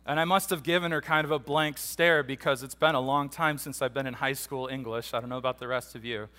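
A man's voice: medium pitch, a little fast. A man teaching a Bible passage in a casual, conversational sermon, animatedly acting out the disciples' voices in his retelling. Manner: casual, animated storytelling that acts out the disciples' voices, with repeated restarts. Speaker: pastor.

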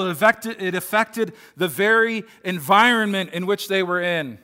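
Bright-voiced male preacher. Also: sits high, normal speed, few pauses, clean tone. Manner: earnest, conversational preaching with frequent restarts. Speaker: pastor. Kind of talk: sermon.

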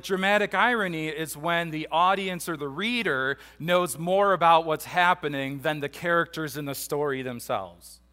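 A man delivers a relaxed, conversational Bible teaching. His voice sits a little high and sounds bright and forward. He acts out the disciples' voices as he retells the passage. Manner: casual, animated storytelling that acts out the disciples' voices, with repeated restarts. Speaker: pastor.

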